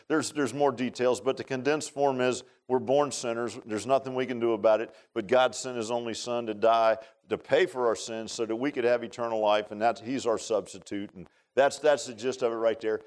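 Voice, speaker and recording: A male pastor preaching a sermon in a folksy, excitable way that builds to loud, impassioned passages. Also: medium pitch, moderate pace.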